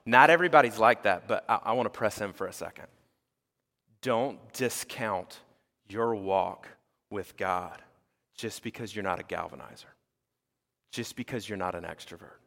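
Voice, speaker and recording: A male pastor giving a sermon in a lively, conversational preaching style that acts out quotes. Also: fairly low pitch, moderate pace, vocal fry, long pauses, in a large hall.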